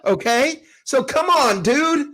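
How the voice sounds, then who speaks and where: A man co-hosting a casual sports talk show, ranting with sarcasm and mocking others' calm know-it-all tone. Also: extremely high pitch, takes it slowly. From Tampa. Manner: animated, sarcastic, mocks others in a calm put-on voice. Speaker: co-host.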